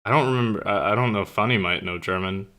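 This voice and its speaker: A young man with a bright, forceful voice that sits a little low, rambling to his stream chat. He talks casually, full of fillers and offhand swearing, into his own streaming mic. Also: quick pace.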